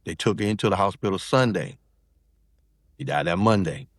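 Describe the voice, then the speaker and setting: Speaking at a normal speed, this middle-aged man from South Carolina has a low-sitting, animated voice. He's a podcast guest rambling casually through a personal story, restarting often and leaning on fillers. It's recorded at studio quality with no room sound.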